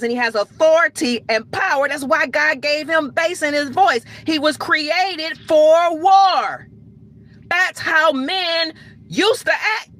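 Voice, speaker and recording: A woman's voice: high voice, a bit bright. A woman talking to camera in an emphatic, rambling, preachy rant with frequent restarts. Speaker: online commentator.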